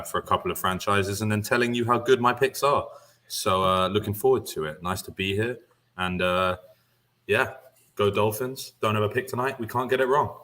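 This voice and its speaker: Bright-voiced British man, dry humor. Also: lowish voice. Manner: dry, self-mocking humor. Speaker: guest analyst. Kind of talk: casual chat.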